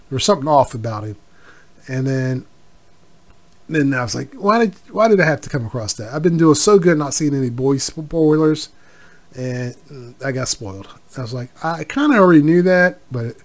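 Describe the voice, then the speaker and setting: A middle-aged man hosting a casual solo podcast, rambling with many fillers and asides. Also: mid-range voice. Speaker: podcast host.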